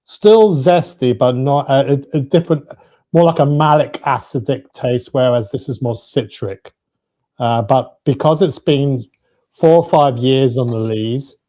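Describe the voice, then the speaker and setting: A man's voice: medium pitch, unhurried, mellow. A man from the UK chatting casually on a call, explaining wine tasting notes with many fillers and restarts. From United Kingdom. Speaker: guest on a watch talk show. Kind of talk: casual chat on a video call.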